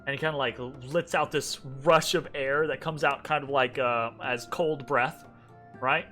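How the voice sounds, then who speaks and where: A man narrating a tabletop game as game master, halting and full of fillers. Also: mid-range voice, fairly even intonation, pushed and bright, soft background music. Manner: halting, many fillers and restarts.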